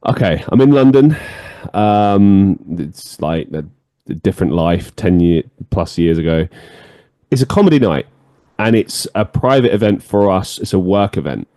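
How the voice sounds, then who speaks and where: A man's voice: low-pitched, moderate pace, no echo, studio quality. A man hosting a podcast, telling stories in casual chat with plenty of swearing and laughter. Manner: animated storyteller, swears freely, laughs often. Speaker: podcast host.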